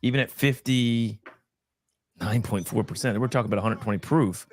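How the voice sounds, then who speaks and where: A man's voice: mid-range voice, a little fast. A man hosting a live whiskey tasting show, chatting casually and laughing often. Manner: jokey, laughs often, excitable. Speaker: show host.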